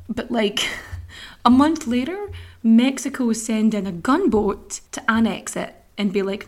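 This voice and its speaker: A woman, hosting a podcast and telling a history story in a sweary, sarcastic, animated way. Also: on the high side, measured pace. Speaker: podcast host. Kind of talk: casual storytelling chat.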